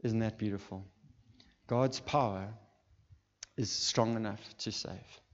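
A man's voice: on the low side, slow. A male pastor preaching a passionate sermon, building up to fervent calls to his listeners. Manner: impassioned, rising to calls. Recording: dull sound with long hall reverb.

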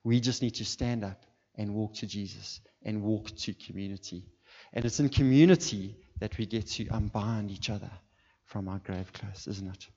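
A man's voice: on the low side, normal speed, a little mellow, slightly rough. A male pastor preaching a passionate sermon, building up to fervent calls to his listeners. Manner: impassioned, rising to calls. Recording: dull sound with long hall reverb.

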